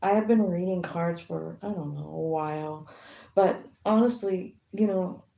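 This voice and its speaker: A woman's voice: fairly low pitch, measured pace, gravelly, warm tone. Chatty woman in an echoey room. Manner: rambling, chatty, with frequent fillers and swearing. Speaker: tarot reader. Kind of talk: casual tarot reading. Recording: echoey room with faint noise.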